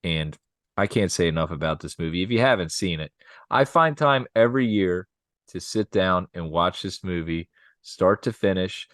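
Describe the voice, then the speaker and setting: A man co-hosting a casual podcast chat, upbeat and quick to laugh. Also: low-pitched, expressive, fairly bright tone, dry recording, clean studio sound. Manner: upbeat, laughs often, does playful impressions. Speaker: podcast co-host.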